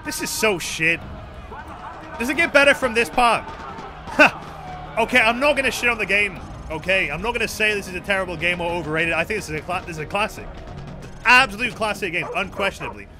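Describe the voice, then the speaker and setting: A man's voice: high voice, lively intonation, a little fast, over music. A young man streaming a video game with rambling, joking, profane commentary. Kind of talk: casual gameplay commentary.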